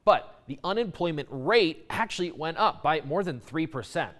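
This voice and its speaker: A man delivering a news report, reading a measured, clear explainer. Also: on the high side, expressive, a bit bright.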